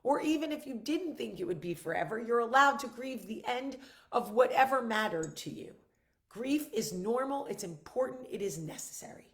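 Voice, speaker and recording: A woman's voice: fairly high pitch, animated, normal speed, slight background noise. A middle-aged woman hosting her own vlog, talking candidly to viewers, blunt and emphatic with frequent swearing, earnest and reassuring. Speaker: vlog host.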